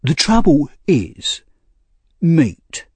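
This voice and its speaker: A man voicing a pompous, self-important middle-aged workhouse official who speaks slowly, for a storybook reading. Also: on the high side, very animated, breathy edge, no echo, pitched above the performer's own voice, full character voice. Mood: lecturing.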